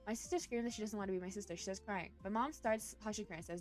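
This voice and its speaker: A woman's voice: medium pitch, racing, hardly any pauses, soft background music. Woman streamer reading posts with outbursts. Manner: swings from reading to loud cursing outbursts. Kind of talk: reading posts aloud and reacting.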